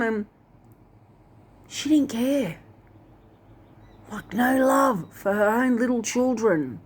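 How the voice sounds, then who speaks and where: A woman's voice: fairly high pitch, expressive, takes it slowly, pauses often, husky. A woman casually retelling a dream in a rambling way, full of fillers like "like" and "and that". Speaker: Christian video host.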